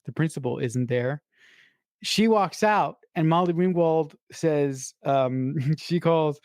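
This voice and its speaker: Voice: medium pitch, slow, darkish tone, no room sound, studio quality. A podcast co-host talking about a film with emphatic enthusiasm and casual swearing. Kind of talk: casual film-review chat.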